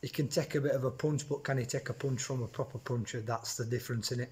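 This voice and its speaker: A man's voice: medium pitch, fairly even intonation, fast talker, darkish tone. A man, a boxer talking bluntly in a casual interview, repeating words and tagging his points with questions.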